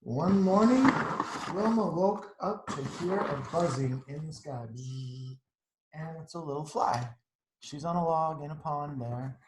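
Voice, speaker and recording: Man, storytime read-aloud, chatty asides, slightly high voice, echoey room. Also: normal speed, background noise. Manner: chatty, adds asides to the pictures. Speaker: teacher reading to children.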